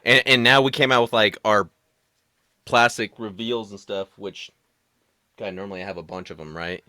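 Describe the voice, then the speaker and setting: A man hosts a casual podcast in a lowish but bright voice. The sound is dry and close, with no room around it. He is chatty and adds joking asides. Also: steady tone, moderate pace, no echo. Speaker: podcast host.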